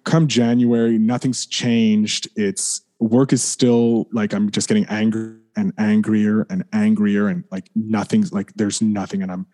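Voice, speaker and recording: A man with a fairly low, mellow, unhurried voice tells his story as a podcast guest. He rambles, fills gaps with "like", restarts his sentences, and sometimes swears and then apologizes. On the painful parts his voice sinks lower and quieter. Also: level tone. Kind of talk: candid personal storytelling.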